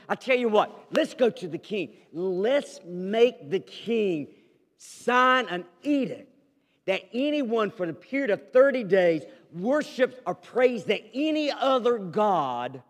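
A man preaching a sermon as pastor, telling a story with dramatic swings between loud declarations and hushed asides. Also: high-pitched, big-room sound.

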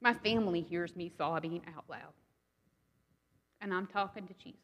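A woman's voice: fairly low pitch, moderate pace, pauses often, fairly bright tone. Earnest woman telling a testimony in a hall. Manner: earnest, conversational, asks "right?" often. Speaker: speaker giving a testimony. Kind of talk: personal testimony to a congregation.

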